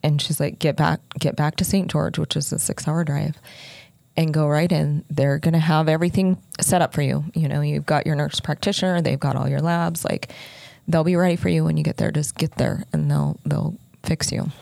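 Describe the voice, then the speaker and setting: A woman's voice: sits low, fairly even intonation, creaky, a little mellow, dry recording. A middle-aged woman telling a personal story in casual podcast talk, retelling the conversations at length. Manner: fast, breathless retelling with lots of quoted dialogue.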